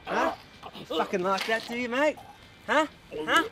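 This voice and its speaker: An actor with an Australian accent playing an aggressive young male bogan who shouts taunts and swears through a street fight. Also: very high-pitched, expressive, unhurried, over loud music. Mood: taunting.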